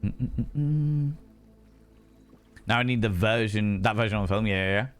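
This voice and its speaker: A man's voice: lowish voice, fairly even intonation, fast talker, fairly bright tone, clean tone, faint music behind. A man chatting casually and playfully with his viewers while streaming a game, swearing freely. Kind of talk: casual live-stream chat while gaming.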